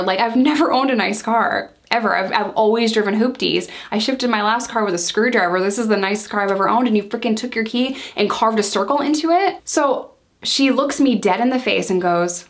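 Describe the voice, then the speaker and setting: Chatty woman in her thirties telling a story. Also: on the high side. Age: 30s. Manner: chatty, exasperated, quotes herself and others in quick bursts. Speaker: storytime vlogger. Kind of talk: casual storytelling.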